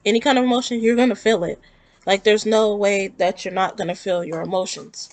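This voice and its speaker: A woman speaks in a heartfelt, rambling way, circling back on her words as she talks through her own grief. Her voice sits at an ordinary middle pitch. The sound is dry and close, with no room echo. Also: fairly even intonation, a little fast, darkish tone. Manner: earnest, rambling, emotional. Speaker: vlogger. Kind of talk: personal talk to camera about grief.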